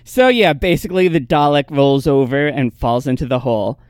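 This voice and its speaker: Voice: medium pitch, normal speed, darkish tone, smooth, no room sound, studio quality. A podcast co-host casually recapping an episode's plot step by step, laughing often.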